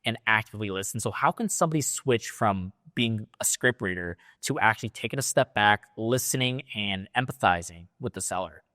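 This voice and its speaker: A man interviewing a sales coach, calmly paraphrasing the answers and asking follow-up questions. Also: lowish voice, a little fast, hardly any pauses, dry recording, studio quality. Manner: reflective, paraphrases and asks follow-ups.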